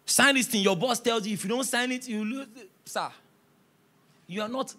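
A male pastor preaching a sermon, telling stories with quoted dialogue and rising to shouts. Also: extremely high pitch, normal speed. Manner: storytelling, animated, rising to shouts.

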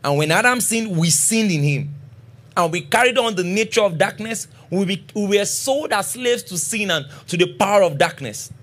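Middle-aged man, pastor preaching, high and very expressive, keeps checking in with the crowd. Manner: preaching with frequent call-and-response checks; reads scripture slowly and deliberately. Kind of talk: sermon.

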